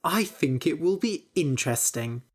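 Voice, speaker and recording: Woman doing a sneaky young guy in a storybook, lively up and down, slow. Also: low voice, husky, heavily acted. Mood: sly. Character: clever young man, a cheeky trickster.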